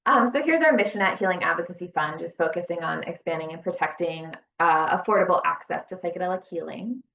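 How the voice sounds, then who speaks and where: Woman director explaining stuff on a video call, kinda gravelly, muffled sound. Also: lowish voice, fast talker, a bit bright, slight background noise. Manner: plain, organized explanation. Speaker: nonprofit director, presenter. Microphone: computer mic on a video call. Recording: dull, lo-fi call audio.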